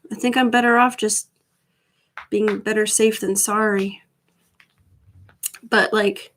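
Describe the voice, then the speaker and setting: A woman's voice: mid-range voice, steady tone, slow pace, long pauses, a bit bright, a little hiss or hum, poor audio. A woman in her thirties chatting casually on a live stream, rambling with wry asides. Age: 30s. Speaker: vlogger.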